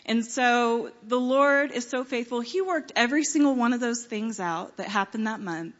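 A woman telling a personal testimony to a congregation, earnest and unhurried, with many fillers and pauses. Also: fairly high pitch, animated, fairly bright tone, muffled recording. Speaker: church member giving a testimony.

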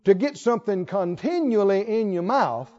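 A man's voice: high voice, lively intonation, normal speed, a little mellow, in a large hall, lo-fi sound. A man preaching a sermon, drawing out phrases, singing lines and leading the congregation in call-and-response. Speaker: pastor.

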